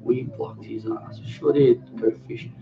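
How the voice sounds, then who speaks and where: A man's voice: medium pitch, steady tone, slow, vocal fry. An Australian man in his forties hosting a cooking channel, chatting casually on a live stream, reading viewer comments aloud and often restarting his sentences. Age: 40s. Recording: dull lo-fi stream audio with music. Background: music.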